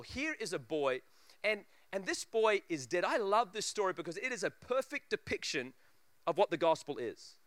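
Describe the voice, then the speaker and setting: Man preaching, high bright voice, lively storytelling, dry close sound. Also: no room sound. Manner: animated, acts out voices, laughs often. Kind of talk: sermon with humorous storytelling.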